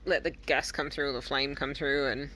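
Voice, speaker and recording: A woman's voice: rumbling low, fairly even intonation, normal speed, over a noisy crowd. A woman chatting casually on a travel vlog, rambling with fillers as she films outdoors. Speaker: travel vlogger. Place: outdoors at a caravan park and tavern. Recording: noisy outdoor camera audio.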